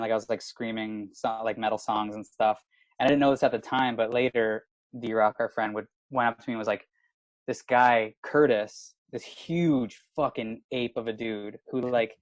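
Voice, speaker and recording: A man's voice: medium pitch, no room sound, poor audio. A man in his thirties from Canada, a comedian telling a rowdy story in casual podcast chat, swearing and saying "like" constantly. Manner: animated, swearing, lots of filler "like". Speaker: comedian guest.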